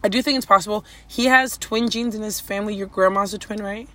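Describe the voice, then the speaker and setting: A woman's voice: medium pitch, quick pace, fairly bright tone. A woman co-hosting a casual podcast with her partner, chatty and teasing, rambling with lots of "like.". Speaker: podcast co-host. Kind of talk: casual couple chat.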